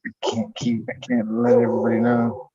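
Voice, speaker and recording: A man's voice: medium pitch, completely flat delivery, a little fast, muffled recording, heavy background noise. A man in a casual chat with friends, giving hesitant, laid-back replies.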